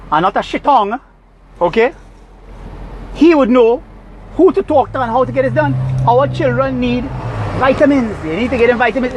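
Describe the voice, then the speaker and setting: A man's voice: very high voice, a little hiss or hum, poor audio. A Trinidadian man recording a heated, scolding rant from his parked car. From Trinidad and Tobago. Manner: agitated, preachy, scolding. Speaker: vlogger.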